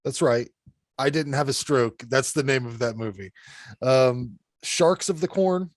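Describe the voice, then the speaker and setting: A man's voice: medium pitch, a little slow, dry recording. A man in his middle register hosts a horror podcast in loose, rambling chat. He is blunt and swears freely, and he stops often on fillers. The sound is dry and close, with almost no room around him. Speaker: podcast host. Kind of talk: casual podcast review chat.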